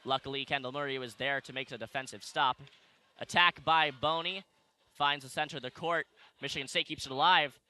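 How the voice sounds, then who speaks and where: Bright young man calling live play. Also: medium pitch, fairly even intonation, no echo. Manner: fast play calling with corrections. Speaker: play-by-play announcer. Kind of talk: live sports commentary. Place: arena broadcast position.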